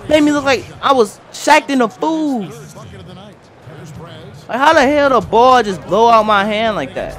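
A young man commentating live on his own basketball video game, excitable and trash-talking at the screen. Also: extremely high pitch, measured pace, pauses often. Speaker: gaming commentator. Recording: game music and crowd noise faintly behind. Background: faint game music and arena crowd.

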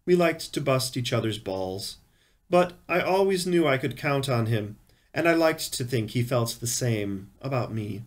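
A man reading first-person crime fiction aloud in a measured, grave storytelling manner. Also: medium pitch, expressive. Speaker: reader.

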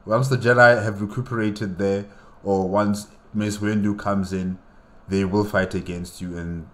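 A man's voice: lowish voice, flat delivery, measured pace, a bit bright. A man hosting a reaction video who talks back directly to a character in a casual, argumentative way. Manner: argues directly with a character, rhetorical.

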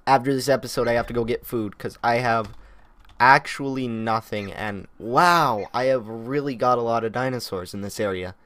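A young man giving excitable let's-play commentary on a modded game, talking to the animals on screen. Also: mid-range voice, no room sound. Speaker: gaming youtuber.

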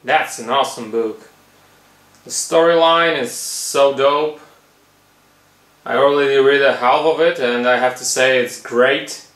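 A man's voice: mid-range voice, measured pace, long pauses, a bit bright, roomy sound. Theatrical man talking to himself. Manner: theatrical, exclaiming, swearing. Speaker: comedy sketch creator. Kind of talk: acted comedy sketch, talking to himself.

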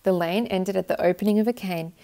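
A woman reading a children's picture book aloud with gentle, expressive narration. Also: medium pitch, a little fast. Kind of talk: storybook read-aloud.

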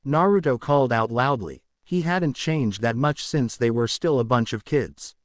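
A man's voice: mid-range voice, moderate pace, no room sound. A man reading fan fiction aloud as narrator, stumbling over words now and then.

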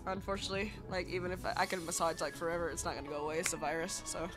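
A woman's voice: lowish voice, flat delivery, very fast, music in the background. A woman streaming live in casual chat, sick and congested with a nasal, duck-like voice, bubbly and giggly and swearing freely.

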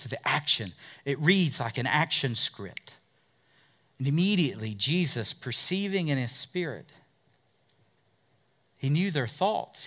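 A man preaching a sermon as pastor, emphatic, with big swings in loudness and pace. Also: sits high.

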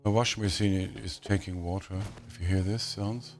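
A man's voice: sits low, fairly even intonation, normal speed, soft background music. A man casually commenting on his own survival game, chatting to the zombies and grumbling at them in mock annoyance; his is not English. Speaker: gaming channel host.

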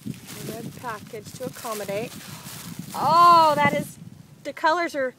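A young woman, gushing and excitable as she chats casually through an unboxing vlog. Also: sits high, measured pace, background noise. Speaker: vlogger.

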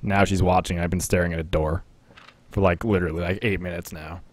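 This is casual live-stream commentary from a young man playing a battle royale game, who rambles and laughs a lot. He speaks fairly quickly in a deep, steady voice, and the recording is dry.

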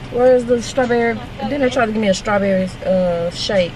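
A woman's voice: a little high, a little fast, a crowd in the background. A woman vlogging in a casual, chatty way, speaking straight to her viewers with lots of slang and energy as she goes about her errands and then talks from home. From Texas.

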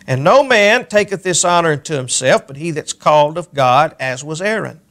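A male pastor preaching a sermon, reading scripture aloud and pressing key words with slow emphasis. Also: fairly high pitch, lively intonation, fairly bright tone. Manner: reads scripture aloud in King James wording.

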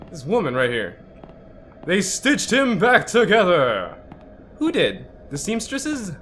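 A man playing a horror game and commenting, easily startled, swearing and yelling back at the ghosts. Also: high voice, a little hiss or hum. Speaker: gaming channel host.

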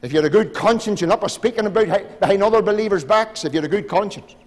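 A Northern Irish pastor preaching a sermon in a church, pleading with his congregation and swinging from loud appeals to hushed asides. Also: high voice, fast talker. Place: church sanctuary. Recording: church hall reverb.

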